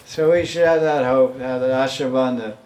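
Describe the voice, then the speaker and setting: A man's voice: medium pitch, steady tone, normal speed, darkish tone. A man teaching a devotional class in a loose, conversational way, often chuckling and acting out the pleas he quotes. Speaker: spiritual teacher.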